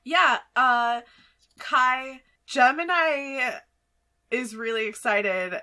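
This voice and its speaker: A woman narrating as game master for a tabletop game, chatty and quick to laugh. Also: high voice, sharp tone. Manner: laughs often, chatty with fillers.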